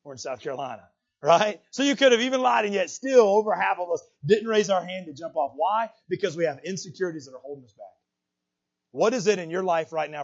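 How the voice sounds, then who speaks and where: Pastor, husky tenor, earnest sermon delivery with repeated restarts, slightly dull recording. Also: male voice, on the high side. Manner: earnest, repetitive restarts, rising to near-shouts. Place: church sanctuary.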